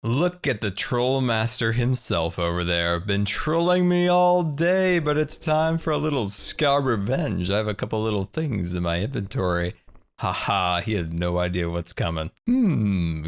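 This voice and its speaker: A man in his thirties hosting a video game let's play, talking through his building and his pranks in a playful, animated way. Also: on the low side, a little slow. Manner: animated, playful, narrates his own moves. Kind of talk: gameplay commentary.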